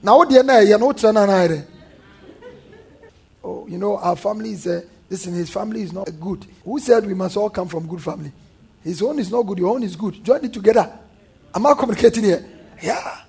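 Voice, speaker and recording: Husky high-voiced preaching man. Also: quick pace, mellow. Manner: preaching with call-and-response and mocking voices. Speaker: pastor. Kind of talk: sermon.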